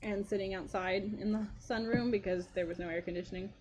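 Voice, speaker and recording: A woman's voice: mid-range voice, fairly even intonation, fast talker, a little mellow. A young woman co-hosting a game stream, chatting casually and rambling with frequent laughter. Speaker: streamer co-host. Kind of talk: casual chat while playing a game. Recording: noticeable background noise.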